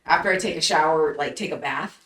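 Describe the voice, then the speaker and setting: A woman's voice: sits low, brisk, a bit bright. A woman in casual podcast chat tells a story with lots of fillers and swearing, laughing along as she goes. Her voice sounds roomy and a bit distant from the mic. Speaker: podcast co-host.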